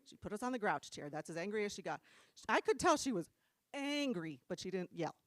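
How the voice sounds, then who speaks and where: A middle-aged woman from New Jersey preaching in a church room, chatty and animated, often laughing at her own stories. Her voice sits at an everyday pitch and sounds close and dry. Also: quick pace, no echo. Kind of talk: casual storytelling sermon.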